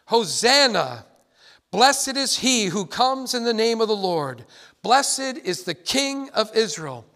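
A man's voice: sits high, fairly bright tone. A man preaching a sermon as pastor, earnest and emphatic, repeating key phrases for his congregation.

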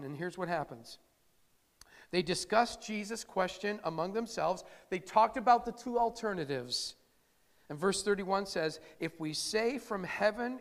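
A man's voice: high-pitched, big-room sound. A man preaching a sermon in a conversational, emphatic way, acting out the quotes he reads. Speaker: pastor.

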